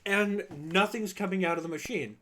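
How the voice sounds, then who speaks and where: A man's voice: high-pitched, moderate pace. A young man streaming, telling a long work story casually and acting out the people in it. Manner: animated, acts out quoted people in voices.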